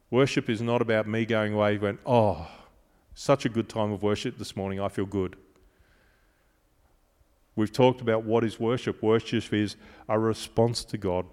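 A man's voice: lowish voice, a little mellow, clean tone. A male pastor preaching a sermon with an emphatic, repetitive cadence. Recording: long hall reverb.

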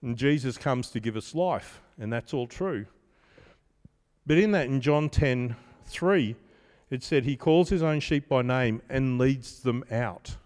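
A man's voice: mid-range voice, measured pace, a little mellow. Guy preaching a casual, chatty sermon, jokes at himself, big hall echo. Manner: conversational, self-deprecating storytelling. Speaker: pastor.

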